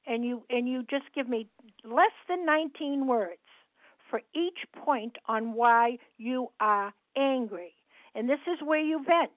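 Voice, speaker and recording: Brief: woman meeting leader, fairly high voice, chatty step-by-step explainer, phone-line sound, dry. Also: no echo. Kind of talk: sharing at a recovery phone meeting.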